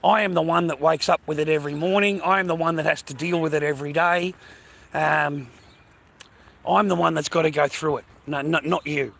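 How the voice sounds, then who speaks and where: A man livestreaming, ranting angrily at his viewers, swearing a lot and repeating himself, sometimes dropping to a low quiet menace. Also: steady tone, a little fast, creaky. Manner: swears constantly, repeats phrases, berates viewers; drops low and quiet when threatening. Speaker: livestreamer talking to his chat. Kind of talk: angry rant to chat.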